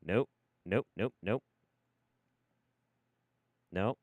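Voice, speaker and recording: A man's voice: on the low side, lively intonation, extremely slow, darkish tone, dry recording. A man hosting a live stream, talking casually in a profane, exasperated, rambling way.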